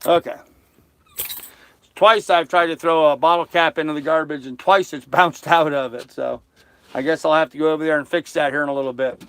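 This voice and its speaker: A man's voice: fairly high pitch, fairly even intonation, fairly quick, fairly bright tone, smooth, no echo. Laid-back older man chatting from his boat. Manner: easygoing, chatty, joking, laughs at his own jokes. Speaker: sailing vlogger on a live stream. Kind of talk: casual live-stream chat, reading viewer comments. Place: small sailboat cabin on a lake.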